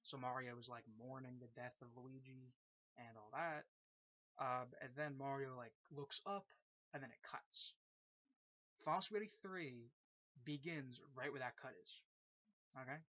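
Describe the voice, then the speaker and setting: A man's voice: mid-range voice, measured pace, pauses often, sharp tone, no echo. A man casually explaining a fan-made story at length, rambling with lots of fillers and repeated phrases. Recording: dull lo-fi recording.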